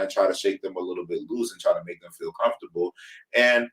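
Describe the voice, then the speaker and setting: Low-voiced male co-host, casual podcast recap, animated storyteller who acts out the quotes, somewhat distant from the mic. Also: fast. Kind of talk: casual review chat.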